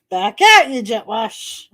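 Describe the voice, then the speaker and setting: A woman's voice: on the high side, sing-song, slow, pushed and bright. A middle-aged woman hosting a live watch-party stream, chatting casually, reading viewers' messages aloud and laughing often.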